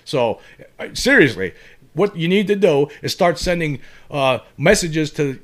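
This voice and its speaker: A man's voice: a little high, animated, measured pace, a bit bright. Impassioned man ranting on his vlog. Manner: impassioned, repetitive, full of restarts. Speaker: online commentator. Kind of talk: opinion vlog commentary.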